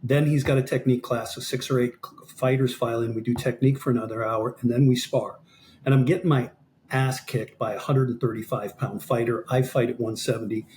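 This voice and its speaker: A man in his fifties, a guest on a podcast, tells a story in an animated way and acts out the dialogue he quotes. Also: mid-range voice, fairly quick, a little hiss or hum. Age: 50s. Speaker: podcast guest, amateur fighter. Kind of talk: storytelling in an interview.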